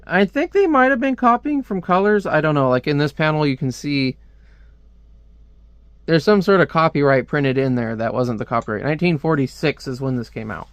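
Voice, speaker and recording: A man talking through a comic book review in a loose, rambling way, full of "like" and restarts. His voice sits a bit high and sounds smooth and crisp. The sound is close and dry, with no room around it. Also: lively intonation, normal speed, no echo. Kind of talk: casual video review.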